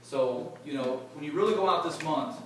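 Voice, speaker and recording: At a company event, a man in sales leadership gives a casual, joking motivational talk to a live audience, chatting freely and quizzing the crowd. His voice is fairly high and moves at a normal speed. The large event room echoes, the mic is far away, and background noise comes through.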